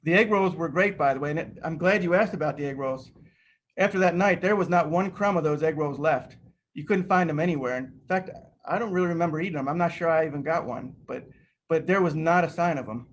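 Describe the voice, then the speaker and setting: A middle-aged man telling an anecdote during a seminar talk over a video call, lively and full of restarts. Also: a little high, fairly quick, muffled recording. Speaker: seminar speaker, rocket scientist.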